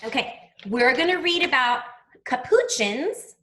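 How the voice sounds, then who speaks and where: Slow, bright-voiced woman teaching young children. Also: high-pitched, lively intonation. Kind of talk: online class lesson.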